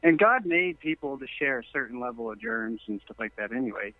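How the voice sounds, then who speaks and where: A man's voice: mid-range voice, expressive, fairly quick, no room sound. A man calling into a talk show, telling long stories earnestly and at length. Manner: earnest, long-winded storytelling. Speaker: caller. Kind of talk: phone-in conversation. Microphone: telephone. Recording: tinny phone line.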